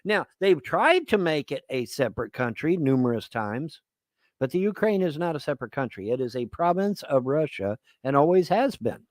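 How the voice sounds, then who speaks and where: A man's voice: fairly high pitch, very animated, normal speed, dry recording. A man hosting a live-stream commentary, rambling and sarcastic with crude language, on a close desk mic. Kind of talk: casual ranting commentary.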